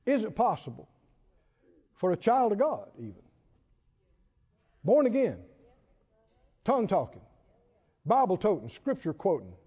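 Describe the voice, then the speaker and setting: A man delivers a sermon with a high, swinging voice and a warm, mellow tone. His delivery is emphatic, with slow, stretched stresses and the occasional chuckle. The sound is dull and lo-fi, with a long reverb tail from a large hall. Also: huge pitch swings, slightly rough. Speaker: preacher.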